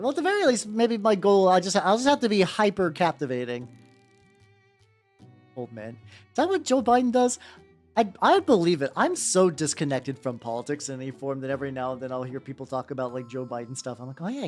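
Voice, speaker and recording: A male streamer rambles and jokes with his viewers while painting, his voice swinging up and down in a lively, animated way. He talks loosely, swears freely and wanders off topic. Soft music plays quietly behind him. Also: fairly high pitch. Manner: rambling and joking, often swearing. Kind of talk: casual live-stream chat. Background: faint background music.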